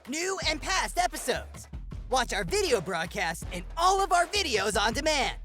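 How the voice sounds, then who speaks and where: A woman voicing Grover the perky otter mascot. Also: fairly bright tone. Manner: upbeat, bouncy sales pitch. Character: cheerful otter mascot of a radio station. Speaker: station ad mascot. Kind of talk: promotional radio ad.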